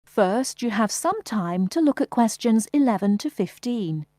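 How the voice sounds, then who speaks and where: A woman reading formal test instructions as an exam narrator, in a measured manner. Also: fairly high pitch, expressive, mellow, no room sound. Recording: dry studio recording.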